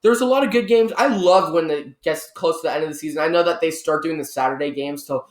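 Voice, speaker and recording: A man talks through a weekend of football in a loose, rambling way, often stopping to correct himself. His voice sits a bit high for a man. The sound bounces around an echoey room. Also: quick pace. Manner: rambling, self-correcting game recap. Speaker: sports podcast co-host. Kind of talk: casual sports analysis chat.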